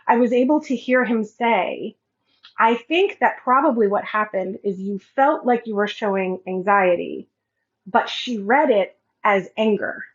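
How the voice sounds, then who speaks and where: Lively woman host telling a story. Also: a little high. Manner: animated, acts out quoted dialogue. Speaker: podcast host and life coach. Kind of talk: casual storytelling monologue. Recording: slightly muffled lo-fi audio.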